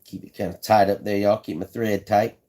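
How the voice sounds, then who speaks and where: A man's voice: lowish voice, flat delivery, fairly quick, warm tone. Laid-back man demonstrating a hands-on craft. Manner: chatty, repeats himself, talks to viewers in chat; laid-back, folksy phrasing. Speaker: livestream host building fishing rods. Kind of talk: casual live how-to demonstration.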